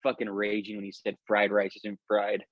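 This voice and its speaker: A man's voice: on the low side, monotone, normal speed, highs cut off, noisy background. A young man joins a podcast as a guest in casual chat, laughing and swearing as he chimes in.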